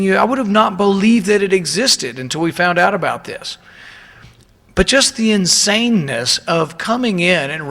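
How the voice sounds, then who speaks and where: Male politician at the podium, indignant and emphatic, bright forceful voice, reverb from a big hall. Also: on the high side, vocal fry. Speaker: politician giving a speech. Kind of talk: public speech.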